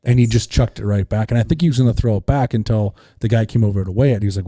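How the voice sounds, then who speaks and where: A man tells a fishing story on a podcast in a very dark, mellow voice, playing the people in it as he goes. The sound is dry and close. His pitch sits a little low. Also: very fast, no room sound. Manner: animated storyteller acting out voices. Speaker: fishing guide.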